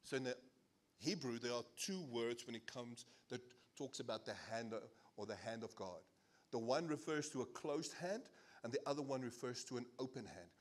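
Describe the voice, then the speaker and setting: A South African-accented man preaching a sermon as pastor, animated and playful, laughing as he jokes with the congregation. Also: mid-range voice, normal speed. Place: church service.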